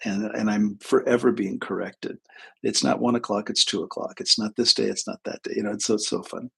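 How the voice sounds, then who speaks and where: A man's voice: fairly low pitch, steady tone, a little fast, creaky, bright, forceful tone, slightly rough. A male therapist talking casually on a livestream, chatty and self-deprecating as he tells funny anecdotes.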